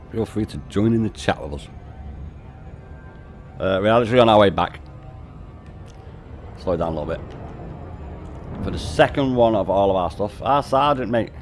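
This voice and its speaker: A man's voice: lowish voice, brisk, pauses often, faint music behind. A man streaming a game, chatting casually, laid-back and sweary, calling people "mate" often. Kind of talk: casual live-stream chat.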